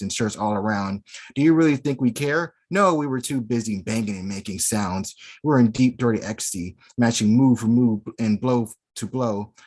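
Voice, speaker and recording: A man recites his spoken word poetry at an online open mic. His voice sits fairly low, and his delivery is theatrical, slow and deliberate. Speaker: poet performer.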